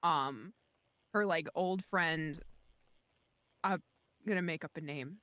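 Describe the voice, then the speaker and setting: A woman's voice: sits low, slow, a bit bright, no echo. Rambling woman telling a story. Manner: rambling, many fillers and likes. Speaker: friend on voice chat. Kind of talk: casual storytelling. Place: home.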